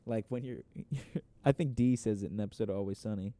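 A man co-hosting a casual podcast, with a mellow, soft-edged voice in a dry, close-miked sound. He rambles through lots of fillers and swears freely. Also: on the low side, fast talker, dry recording. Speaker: podcast co-host.

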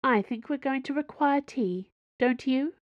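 Woman putting on a calm formal cardinal lady, polite but firm, raised pitch, dry sound. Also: unhurried, no echo, highs cut off. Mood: serene.

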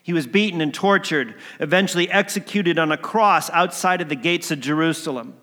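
A man's voice: a little high, a little fast. Man preaching in a reverberant hall. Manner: dramatic, swings from emphatic to hushed. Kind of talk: sermon storytelling.

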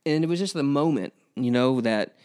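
A man who preaches at a school chapel, telling an interviewer about his sermon series in an earnest way that turns emotional and animated. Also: mid-range voice, normal speed, clear, resonant tone. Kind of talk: casual interview storytelling.

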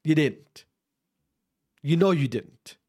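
A speaker ranting straight to camera in a slow, deliberate delivery. The pitch swings widely as they hammer home repeated rhetorical questions. The tone stays blunt, with swearing for emphasis. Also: expressive, mellow, slightly rough. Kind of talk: opinion rant to camera.

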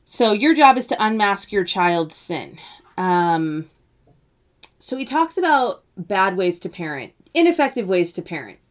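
A woman's voice: mid-range voice, big pitch swings, unhurried. A woman in her thirties hosting a podcast, talking casually about a parenting book with many fillers and restarts. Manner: conversational, many fillers and restarts, quotes the author. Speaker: podcast host.

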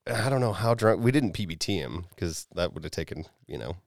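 A man's voice: deep voice, fairly quick, vocal fry, no room sound, studio quality. A man hosting a podcast, telling a story in casual chat with lots of swearing and acted-out quotes. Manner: profane, animated retelling with acted quotes. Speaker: podcast host.

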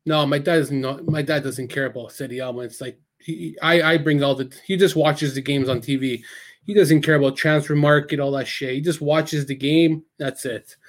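A man with a lot of nervous energy holds forth in a loose chat. He swears freely, restarts his sentences and launches into animated anecdotes. His voice sits a little on the high side. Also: normal speed. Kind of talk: casual chat.

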